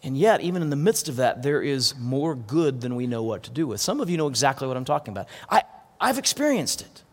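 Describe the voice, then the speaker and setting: A man's voice: medium pitch, sing-song, quick pace. A man preaching a sermon as pastor, earnest, often restarting and repeating words. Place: church hall. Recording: long hall reverb.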